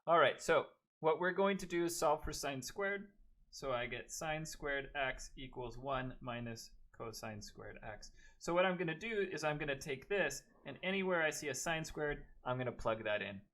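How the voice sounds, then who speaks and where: In a classroom, a man teaches math, talking through the steps aloud and tossing chatty jokes to his students between them. His voice is a little high and animated, with a fairly bright tone at a normal speed.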